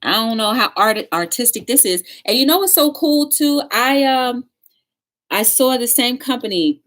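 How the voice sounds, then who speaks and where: Animated woman hosting a live-stream chat. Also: a little high, moderate pace. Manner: animated storytelling, greets chat viewers by name; upbeat, encouraging. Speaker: talk show host.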